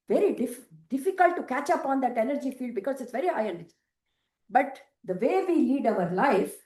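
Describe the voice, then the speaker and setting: A woman leads a spiritual self-empowerment workshop in an emphatic, repetitive way, often putting questions to her listeners. Her voice sits high. She is picked up from some distance in an echoey indoor hall. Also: darkish tone. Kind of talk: spiritual workshop talk to a live group. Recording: echoey room, mic far off.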